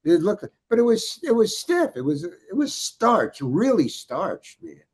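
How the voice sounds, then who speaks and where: Older man telling a halting anecdote. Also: sits high, big pitch swings, a little mellow, slightly rough. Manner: halting, many restarts, acts out quoted dialogue. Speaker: guest storyteller.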